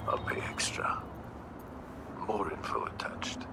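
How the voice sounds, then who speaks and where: Guy playing a whispery game contact, slow and hushed, whispered role-play, soundin far off. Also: lightly acted. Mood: urgent.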